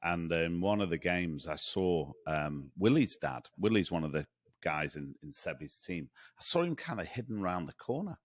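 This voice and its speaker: A man co-hosting a sales podcast in casual chat, rambling and animated, with many restarts. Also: low-pitched, normal speed. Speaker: podcast co-host.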